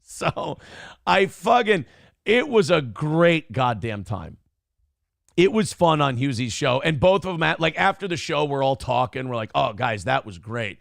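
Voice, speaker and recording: A man rants through his morning show with brash, profane bravado. His voice sits a little high and carries a gravelly rasp. The sound is close and dry. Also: sing-song, moderate pace, dry recording. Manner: brash, profane, boastful storytelling. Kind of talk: casual talk show rant.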